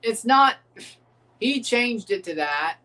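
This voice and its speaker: A young man hosting a live football watchalong, calling goals with excitement and dropping into low mumbled asides between plays. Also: slow pace. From United States. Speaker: livestream watchalong host. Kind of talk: live football reaction commentary.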